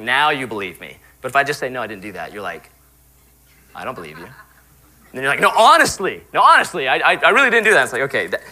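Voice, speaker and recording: A man's voice: mid-range voice, bright, forceful tone, rough recording. A man, likely a young adult pastor, giving a conversational sermon and acting out little quoted exchanges. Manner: conversational, acts out quoted voices.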